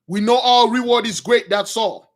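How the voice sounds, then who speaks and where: A man with a high voice preaches informally to a gathering he calls brothers. He retells stories loosely, with plenty of fillers and restarts along the way. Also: moderate pace. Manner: addresses listeners as brothers, many fillers and restarts. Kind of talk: informal sermon retelling a story.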